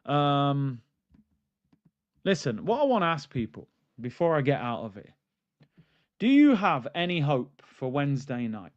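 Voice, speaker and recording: A man's voice: mid-range voice, big pitch swings, measured pace, long pauses, no echo, dull audio. A man hosting a live football stream, ranting animatedly and reading out chat comments. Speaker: football channel host. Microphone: streaming mic.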